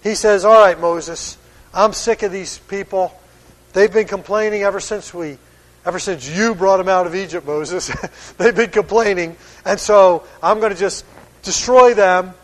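A man preaching a sermon, reading old-style scripture slowly and then playfully voicing the people in it, chuckling now and then. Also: high voice, big-room sound.

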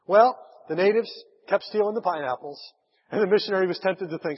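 A man's voice: high voice, brisk, husky. A man preaching a sermon, telling a story with chuckles and acting out the people he quotes. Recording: echoey hall, dull lo-fi sound.

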